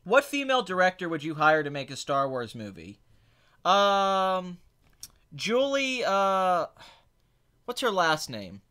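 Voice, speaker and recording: Opinionated man with a higher voice. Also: takes it slowly, long pauses, clean tone. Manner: blunt, opinionated, sarcastic, swings between flat and excited. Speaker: podcast host answering chat questions. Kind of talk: casual movie talk.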